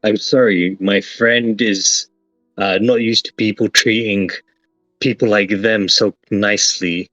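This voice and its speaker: A man's voice: on the low side, steady tone, takes it slowly, a bit bright, dry recording, lo-fi sound, soft background music. A man voicing a cheeky young woman adventurer who talks in a breezy, teasing way.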